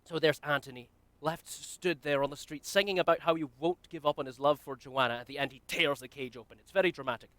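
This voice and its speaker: A man's voice: fairly high pitch, steady tone, quick pace, a bit bright, no echo. A man from Scotland with a Glasgow accent, a magician delivering jokey, self-deprecating comic patter on a livestream from a home video call setup. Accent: Scottish, Glasgow.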